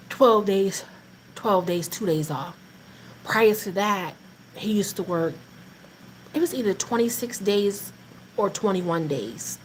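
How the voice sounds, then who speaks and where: This faith talk stream host, a woman with a mid-range voice, offers casual encouragement alongside humorous stories about her family. Her delivery is lively, laughing, and preachy in Southern Black vernacular, though the recording is poor, with some hiss or hum.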